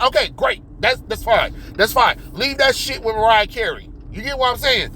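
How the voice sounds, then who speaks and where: Commentator: fired-up man with a high voice, loud, profane, exasperated rant. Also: lively intonation, moderate pace, hardly any pauses, a little hiss or hum, poor audio. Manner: loud, exasperated, swears constantly, shoots up to yelps. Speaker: video commentator.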